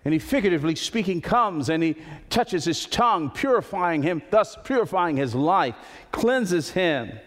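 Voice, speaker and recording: A male pastor preaching a sermon, building to loud high peaks and then dropping to slow, quiet emphasis. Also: lively intonation. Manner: preaching with sudden swells to high, loud climaxes and soft, slow drops. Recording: long hall reverb.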